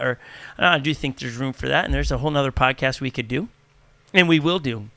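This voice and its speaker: A man, a pastor hosting a casual church podcast, talking in an animated way, acting out little dialogues and often restarting his sentences. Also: mid-range voice, fast talker, no room sound. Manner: animated, acts out quoted dialogue, frequent restarts. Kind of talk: casual chat.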